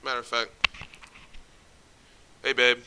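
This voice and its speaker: A man's voice: medium pitch, monotone, slow pace, noisy background. A young man giving blunt, profanity-heavy relationship advice in casual vlog talk, full of street slang. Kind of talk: casual direct-to-camera advice.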